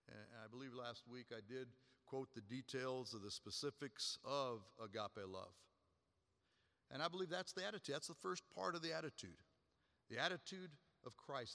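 A pastor preaching a sermon, swinging between loud, high stresses and quiet, low drops. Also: male voice, big-room sound.

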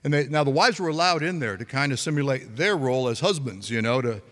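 A man's voice: mid-range voice, expressive, fast, a bit bright, in a large hall. A male pastor preaching a sermon, telling a story in a chatty way with frequent laughs and restarts.

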